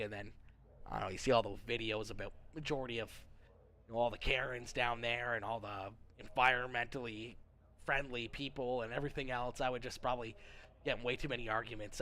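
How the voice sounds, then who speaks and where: A man's voice: mid-range voice, fairly bright tone. A man livestreaming and chatting casually with his viewers. He rambles, jokes and repeats himself, and says he is not feeling well. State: feeling unwell. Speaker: livestreamer reading chat.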